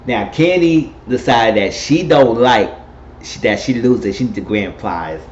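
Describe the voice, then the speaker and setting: A man giving a casual, animated spoken recap of a TV episode, retelling scenes and quoting the characters. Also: medium pitch, a little slow. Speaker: TV recap host. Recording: dull lo-fi recording with faint noise.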